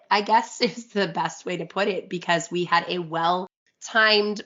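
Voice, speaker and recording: A woman in her thirties co-hosting a podcast in casual chat, a little husky from a cold, chatty and upbeat. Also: on the low side, fairly bright tone, muffled recording. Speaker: podcast co-host.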